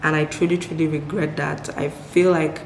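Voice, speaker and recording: A young woman from Nigeria chats to her camera, answering questions in a low, upbeat voice and doubling words for emphasis. The room is echoey, with a faint ambient hum behind her. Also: little pitch movement, moderate pace. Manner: upbeat, repeats words for emphasis, laughs often. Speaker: vlogger. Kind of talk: casual Q&A chat to camera.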